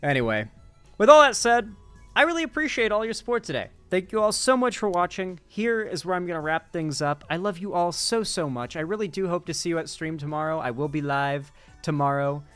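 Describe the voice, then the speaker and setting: A man's voice: a little high, expressive, fairly quick, hardly any pauses, fairly bright tone, clear, resonant tone, soft background music. Sleepy, laid-back young streamer guy. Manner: laid-back, rambling, thanks chat and reads donations aloud. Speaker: political commentary streamer. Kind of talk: casual live-stream outro chat.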